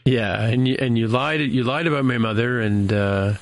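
A man's voice: mid-range voice, moderate pace, dry recording. A man casually recapping a TV episode as a podcast co-host, rambling with many fillers and restarts.

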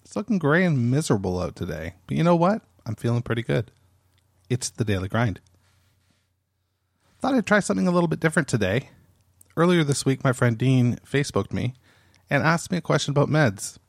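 A man's voice: mid-range voice, sing-song, fairly quick, creaky, long pauses, dry recording, clean studio sound. A man hosting his own podcast, talking casually and off the cuff, often laughing and restarting his phrases. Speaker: podcast host.

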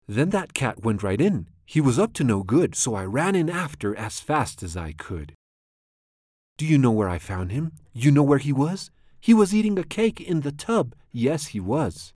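A man reading a children's rhyming storybook aloud with a rhythmic, expressive delivery. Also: mid-range voice, moderate pace, slightly rough, no echo, studio quality. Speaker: storybook reader.

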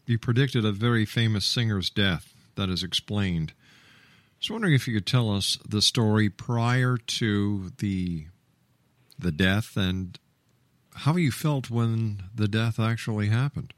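A man hosting a radio interview, asking questions haltingly. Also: on the low side, no echo. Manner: halting, with fillers and restarts. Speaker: radio host.

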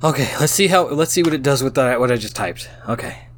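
A man's voice: medium pitch, lively intonation, quick pace, fairly bright tone, slight background noise. A tipsy man reads an AI-written story aloud, breaking off into baffled exclamations. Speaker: host reading out an AI-written story. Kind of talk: casual reading aloud with running commentary.

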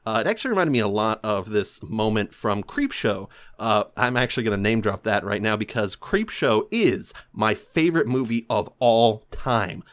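A man hosting a casual, rambling movie recap, animated and often jumping into silly voices. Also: fairly low pitch, normal speed, hardly any pauses. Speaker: podcast host.

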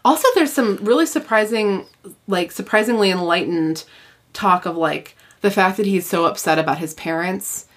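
A woman's voice: medium pitch, moderate pace, fairly bright tone. A woman co-hosting a podcast, chatting casually about a book with frequent laughs and fillers. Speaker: podcast co-host.

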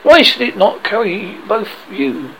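A man's voice: high-pitched, big pitch swings, a little slow, a bit bright, a little hiss or hum, voice pushed up, full character voice, poor audio. A man voicing a brave boy who never grows up, earnest and firm, in a storybook reading.

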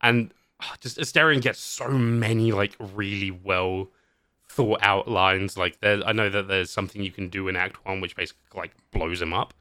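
A man hosting a podcast in casual chat, animated, laughing often and swearing casually as he talks about games. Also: low voice, moderate pace, no echo, clean studio sound. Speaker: podcast host.

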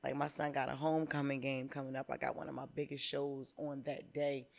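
A woman in her thirties, a comedian guest on a podcast, telling candid stories in an animated, profane way. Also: rumbling low, fairly quick, creaky.

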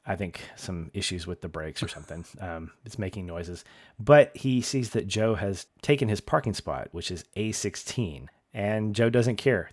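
Man, podcast co-host, lower voice, enthusiastic and giggly, dry studio sound. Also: no room sound. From American South. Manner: enthusiastic, laughs often, gushing. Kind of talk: casual chat recapping a TV show.

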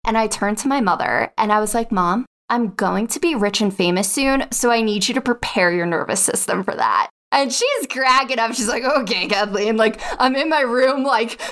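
A young adult woman guest on an interview show, telling her story in a chatty, lively way and filling it with "like.". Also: medium pitch. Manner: chatty, lively, acts out quotes, says "like" a lot. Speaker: podcast guest, online spreadsheet teacher. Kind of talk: animated personal storytelling.

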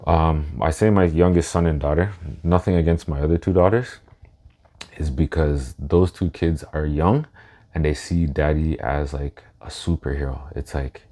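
A man in his thirties hosting a solo podcast in a casual way, slow and reflective, pausing to gather his thoughts. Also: extremely low pitch, fairly even intonation, dark tone. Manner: emotional, laughs through his words. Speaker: podcast host.

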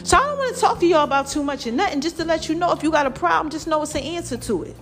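A woman's voice: high voice, expressive, very fast, fairly bright tone, soft background music. A woman vlogger, talking casually and animatedly to her viewers, calling them y'all and child, with a preachy testimonial tone. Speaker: vlogger sharing a health testimony.

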